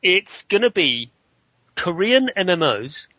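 A man on a gaming podcast panel, talking in animated, emphatic complaint. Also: high voice, slow pace, dry recording, dull audio. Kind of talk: casual chat.

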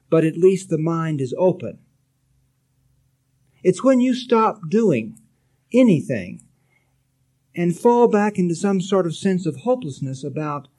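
A man giving a sermon as a spiritual teacher, gently exhorting his listeners with light touches of humor. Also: on the high side.

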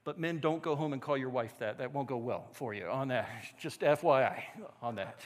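A man's voice: mid-range voice, moderate pace, hardly any pauses. A man preaching a sermon as pastor, telling stories animatedly with asides to the congregation. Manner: animated storytelling with rising excitement and asides to the congregation. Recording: long church-hall reverb.

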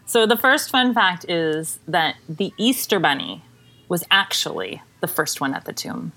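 A woman's voice: on the low side, big pitch swings, unhurried, bright, forceful tone. A middle-aged woman pastor chatting casually as a podcast guest, playful and laughing often.

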